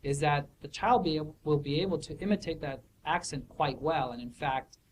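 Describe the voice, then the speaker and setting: In an office hour recording, a man with a fairly high voice answers student questions at normal speed in a casual academic way. He's thoughtful and hesitant, full of fillers and restarts, and the rough audio has a little hiss or hum.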